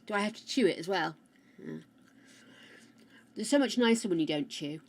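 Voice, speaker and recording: A woman chatting casually with her live-stream viewers on a close mic, loud and rambling, greeting people by name. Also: lowish voice, expressive, normal speed.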